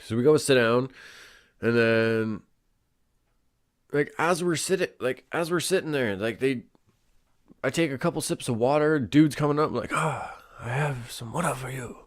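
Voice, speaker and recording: A man's voice: mid-range voice, normal speed, pauses often. A young man hosting a casual solo show, rambling with lots of fillers and swearing. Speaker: podcast host.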